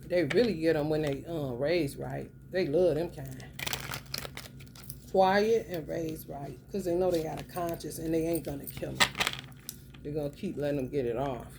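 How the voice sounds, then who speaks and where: Blunt, profane woman with a low voice. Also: vocal fry, background noise. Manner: emphatic, swings between drawn-out and rapid phrases. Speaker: spiritual reader. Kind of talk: casual spiritual commentary.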